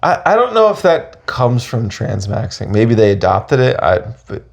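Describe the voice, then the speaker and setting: A man's voice: medium pitch, sing-song, normal speed, vocal fry. A man co-hosting a podcast, talking in a rambling, casual way with frequent restarts. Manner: rambling, restarts often, thinks aloud. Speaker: podcast co-host. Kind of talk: casual chat.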